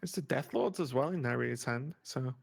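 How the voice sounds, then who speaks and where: A man co-casting a live card game tournament, quick to react to plays and crack jokes. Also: medium pitch, gravelly, slightly rough. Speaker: esports caster.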